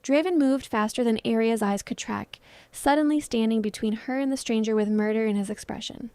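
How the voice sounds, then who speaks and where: A woman reading a dramatic romance story aloud as narrator, in a steady storytelling manner. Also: fairly high pitch, fairly quick, smooth, no room sound. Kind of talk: scripted audiobook narration.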